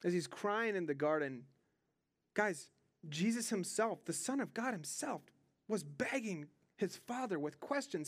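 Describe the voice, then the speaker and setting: A man's voice: high-pitched, lively intonation, unhurried, no room sound. A young man preaching a sermon, earnest and conversational, often repeating words as he stresses a point. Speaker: pastor.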